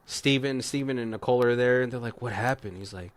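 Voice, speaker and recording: A medium-pitched man co-hosts a casual movie commentary podcast, rambling, swearing freely, and acting out characters' lines in quick voices.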